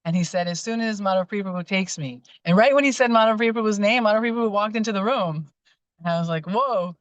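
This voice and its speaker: A woman's voice: mid-range voice, a little fast, smooth, dry recording, lo-fi sound. A woman telling personal devotional memories in a casual, heartfelt way, rambling with fillers and restarts. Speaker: guest sharing memories.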